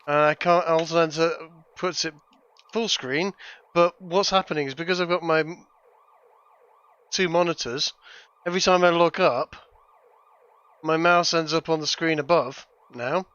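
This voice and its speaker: A man's voice: a little high, fairly even intonation, moderate pace, long pauses, a bit bright, clear, resonant tone, no echo. Man streaming games through a lo-fi mic. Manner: stammering, self-deprecating, swears often. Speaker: game streamer. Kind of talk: casual gameplay commentary. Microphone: poor-quality headset mic. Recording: lo-fi voice chat mic.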